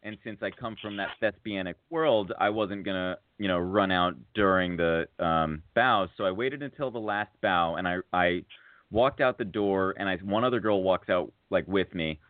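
A man on a podcast telling a long casual story, full of fillers and restarts, getting excited at the funny parts. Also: sits low, moderate pace, no echo. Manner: rambling, filler-heavy, rises to excited laughter at funny moments. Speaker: podcast co-host. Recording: tinny phone-like audio.

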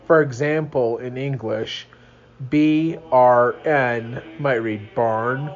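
Sleepy man reading aloud, slow. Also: medium pitch, lo-fi sound, soft background music. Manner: tired, yawning, rambling asides. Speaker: reader of a religious book. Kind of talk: reading aloud with casual asides. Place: home, early morning.

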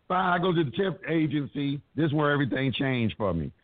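A man's voice: a little high, lively intonation, a little fast, no echo. A man telling his story as an interview guest, blunt and emphatic, cursing heavily as he talks. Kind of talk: profane, animated storytelling. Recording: tinny, dry phone-like sound.

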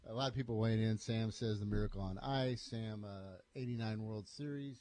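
A man's voice: on the low side, brisk, mellow. A man co-hosting a morning sports radio show, leading segments in casual talk.

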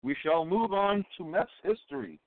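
A man's voice: high-pitched, big pitch swings, moderate pace, no echo. A man hosting a podcast, moderating segments in a mock-formal, playful way. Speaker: podcast host. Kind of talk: casual chat. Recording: tinny dry phone-like line.

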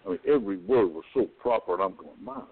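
A man from the American South co-hosting a casual talk show, animated and prone to trailing asides. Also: lowish voice, quick pace, vocal fry. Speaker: co-host. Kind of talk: casual podcast chat. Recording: tinny phone-line audio.

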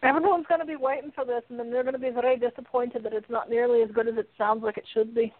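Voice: mid-range voice, steady tone, fast talker, dry recording, close to an everyday voice. A caller voicing a brash young woman wrestler with a sing-song manner who keeps calling people lad, heard over a phone line. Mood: cheeky. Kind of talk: call-in banter in character. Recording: tinny phone line, dry.

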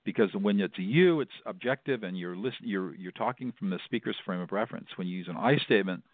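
A low-pitched man explains his mediation method as an interview guest, talking emphatically and repeating words for stress. The sound is dry and thin, like a phone line. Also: fast, no room sound.

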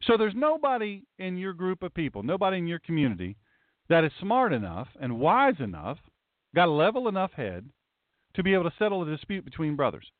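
A man's voice: sits high, sing-song, fairly quick, dry recording. A man who hosts a show as a pastor, teaching scripture in a folksy, emphatic way and talking straight to his viewers. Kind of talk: livestream Bible teaching. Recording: tinny phone-like dry sound.

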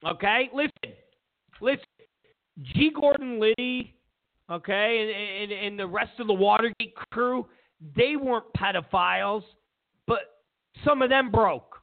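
A man's voice: high voice, measured pace, creaky, pauses often. Sarcastic man ranting over a tinny line. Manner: sarcastic and mocking, stammers and restarts, mimics opponents in exaggerated voices. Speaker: political commentary show host. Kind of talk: casual ranting political commentary. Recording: tinny phone-like lo-fi sound.

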